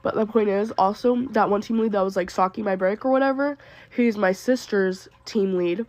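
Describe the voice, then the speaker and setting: A woman's voice: medium pitch, fairly even intonation, normal speed, darkish tone, no room sound. A young adult woman who works retail tells a storytime in exasperated, ranting bursts, sick and upset. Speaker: retail worker. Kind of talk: storytime venting video.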